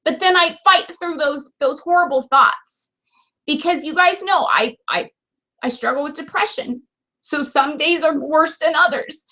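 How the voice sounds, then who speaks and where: A woman's voice: high voice, unhurried, sharp tone. A woman leading a sales team, giving an earnest, emotional motivational talk straight to camera. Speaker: direct sales team leader.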